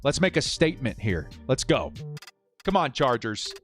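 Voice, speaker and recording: A man hosting a live sports watch-party stream, cheering loudly one moment and muttering nervously the next. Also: medium pitch, moderate pace, faint music behind. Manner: excitable, swings from loud cheering to quiet nervous muttering.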